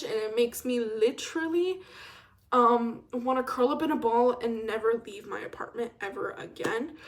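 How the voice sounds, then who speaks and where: Rambling young woman podcaster, lightly high voice. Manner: rambling, self-deprecating, laughs often, trails off with "I don't know". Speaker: podcast host. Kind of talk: casual solo podcast rant.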